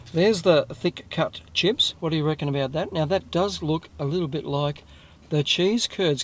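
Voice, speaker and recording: An Australian man hosting a casual food review video, chatting to his viewers in a rambling way and correcting himself as he goes. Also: fairly high pitch.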